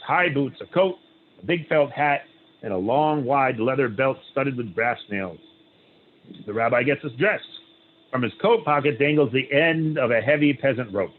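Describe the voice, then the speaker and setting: A rabbi who reads a story aloud with pauses, adding "right?" asides and leading a group discussion. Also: male voice, mid-range voice. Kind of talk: reading a story aloud, then opening discussion. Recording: tinny phone-like line, faint hiss.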